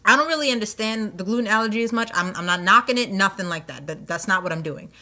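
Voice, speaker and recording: A woman's voice: medium pitch, lively intonation, fast, sharp tone. A young woman telling funny stories from her jobs, chatty, often laughing, with lots of fillers and restarts. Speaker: vlogger. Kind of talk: casual storytelling.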